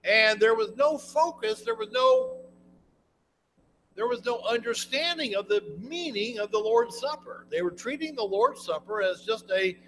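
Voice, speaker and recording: Guy with a high voice preaching a bible lesson, chatty, lots of restarts. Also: animated, normal speed, hardly any pauses, fairly bright tone, low-quality recording. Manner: conversational, folksy, with many restarts and fillers. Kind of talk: sermon, Bible class teaching.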